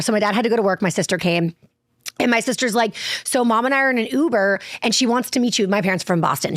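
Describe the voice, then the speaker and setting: A woman hosting a podcast, telling an animated family story in casual chat and acting out the dialogue. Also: a little high, no echo, studio quality. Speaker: podcast host.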